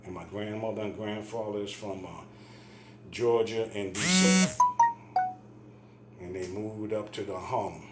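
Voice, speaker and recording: A man's voice: on the low side, animated, measured pace, long pauses, very noisy. A middle-aged man heatedly retelling a family fight in a casual, profane rant. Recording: echoey room.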